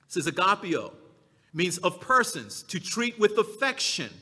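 A man preaching a sermon as pastor, slow and emphatic, drawing out his key words. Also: sits high, very animated, sharp tone, husky, in a large hall.

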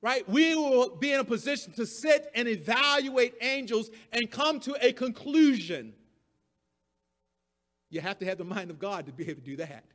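A man's voice: very high-pitched, moderate pace, a bit bright. A man preaching a sermon, emphatic and given to repeating his key phrases, with the odd chuckle at his own points.

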